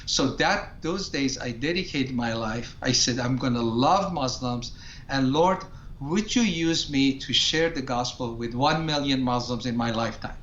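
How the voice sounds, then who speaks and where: A man's voice: medium pitch, a little slow, fairly bright tone, reverberant, highs cut off, slight background noise. A man from Iran, a ministry founder, tells his personal testimony in a talk show interview in an earnest way and acts out his prayers.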